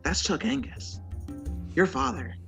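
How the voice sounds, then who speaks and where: Casting: a man voicing a mocking half-elf shadow sorcerer with a bright, sharp tone. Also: on the high side, lively intonation, a little slow, faint music behind, voice pushed up. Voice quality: mocking, sly.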